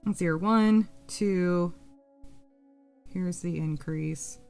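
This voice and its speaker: A woman's voice: lowish voice, takes it slowly, soft background music. A woman from the US Pacific Coast hosting a crochet livestream, chatting with viewers, giggling, swearing freely and counting stitches under her breath. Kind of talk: casual chat while crocheting, reading chat aloud.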